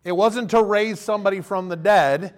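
Pastor, man in his thirties with a high-pitched voice; relaxed, conversational sermon delivery that slips into quoted voices. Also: normal speed.

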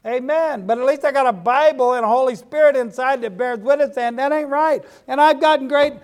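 A man's voice: extremely high pitch, brisk, clear, resonant tone. A middle-aged man preaching a sermon in a folksy way, dropping frequent amens to the congregation. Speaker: pastor.

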